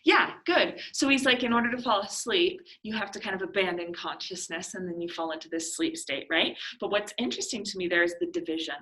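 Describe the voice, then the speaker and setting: A woman teacher leading a literature class discussion, thinking aloud, reading passages slowly and putting questions to her students. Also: medium pitch, fairly bright tone, low-quality recording. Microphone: classroom recording.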